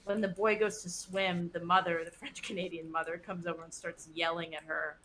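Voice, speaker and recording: A woman's voice: fairly low pitch, level tone, brisk, fairly bright tone, slight background noise. A woman from the West Coast telling stories in casual chat while gaming, with lots of "like". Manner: chatty storytelling, lots of "like". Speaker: streamer.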